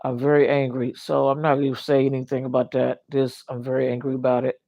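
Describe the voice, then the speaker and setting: A man's voice: medium pitch, completely flat delivery, quick pace, gravelly, dark tone. An older man talking earnestly on a casual livestream, rambling and circling back to the same points. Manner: rambling, earnest, repeats "you know what I mean". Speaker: livestream host.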